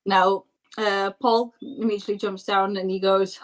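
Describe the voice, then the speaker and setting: A woman's voice: mid-range voice, little pitch movement, moderate pace, rough recording. A woman narrating a tabletop game as game master, talking loosely with many fillers. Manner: loose, chatty, lots of fillers.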